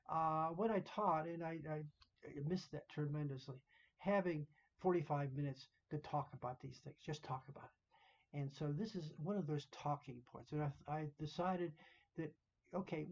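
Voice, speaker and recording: Older choir director giving emphatic notes at rehearsal, sings the rhythms, mid pitch, muffled recording. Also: darkish tone. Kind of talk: rehearsal instruction.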